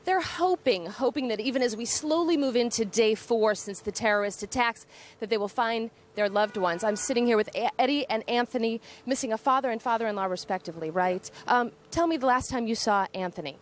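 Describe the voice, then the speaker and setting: A woman reporting live on location, gently interviewing family members of missing people. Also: fairly high pitch, a little fast, slight background noise. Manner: gentle, sympathetic questioning. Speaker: field reporter.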